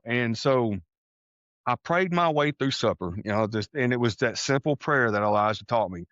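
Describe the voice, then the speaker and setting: A man from Texas telling a personal story on a podcast, animated, acting out the voices of people he quotes. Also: medium pitch, normal speed, no room sound, highs cut off. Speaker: podcast guest. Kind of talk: casual storytelling.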